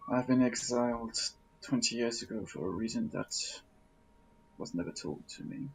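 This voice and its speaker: Theodas, a man playing a gravelly exiled warrior. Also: medium pitch, a little hiss or hum, close to an everyday voice, rough recording. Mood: sombre. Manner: halting, earnest. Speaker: player. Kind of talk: in-character role-play.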